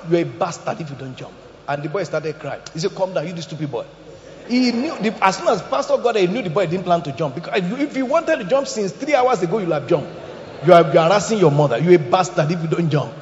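A man preaching a sermon as pastor, animated, acting out quotes and jokes. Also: high-pitched, a little hiss or hum. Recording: echoey hall, dull lo-fi sound.

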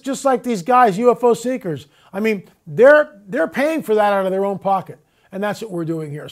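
A man hosting a radio talk show, speaking emphatically with repetitions and rhetorical questions. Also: high voice. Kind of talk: casual monologue on air.

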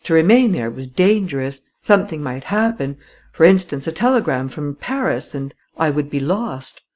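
Expressive woman reading a story. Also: low-pitched, normal speed. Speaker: audiobook narrator. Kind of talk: first-person storybook narration.

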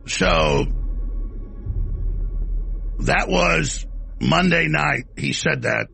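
A man hosting a commentary show, talking in a fiery, emphatic, indignant way with a gravelly, raspy voice. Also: a little high, expressive, extremely slow, pushed and bright, soft background music. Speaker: show host. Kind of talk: impassioned commentary.

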